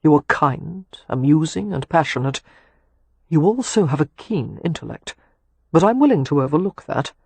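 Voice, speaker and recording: A man's voice: fairly high pitch, expressive, moderate pace, gravelly, darkish tone, slightly rough, no room sound, exaggerated voice. A man voicing a teasing, wry male suitor in an audiobook romance, with dry quips and earnest turns. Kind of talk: audiobook character dialogue.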